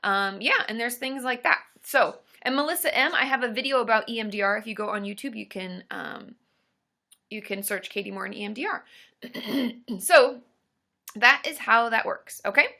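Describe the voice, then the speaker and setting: Chatty woman with a bright voice. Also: a little high, moderate pace, creaky. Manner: chatty and rambling, with many fillers and asides to viewers. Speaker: YouTube creator hosting a live stream. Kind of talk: casual live-stream chat, reading viewer comments.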